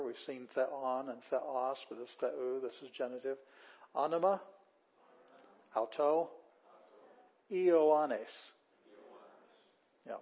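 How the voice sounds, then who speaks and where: A man's voice: medium pitch, breathy edge. Older man giving a patient lecture. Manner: plain, patient explaining with fillers and restarts, reading words slowly aloud. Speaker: Bible Greek teacher. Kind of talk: classroom lecture. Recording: dull, lo-fi lecture recording.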